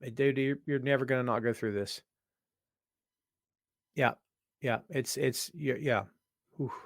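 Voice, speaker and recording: A man's voice: medium pitch, steady tone, measured pace, creaky, no echo, clean studio sound. A man hosting a casual live-stream talk show, his voice worn out, rambling and joking straight to viewers. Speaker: podcast host. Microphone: webcam setup.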